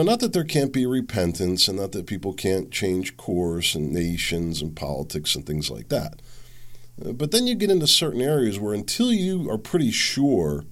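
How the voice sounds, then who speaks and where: This podcast host talks on his own in a rambling, folksy way, leaning on frequent fillers while fighting a head cold. His lowish voice is a bit bright.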